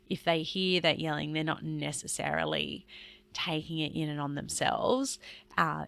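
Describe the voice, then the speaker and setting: A woman's voice: deep voice, vocal fry, a bit bright. A woman hosting a solo podcast, talking earnestly and explaining things in a chatty way with some fillers. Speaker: podcast host and parent.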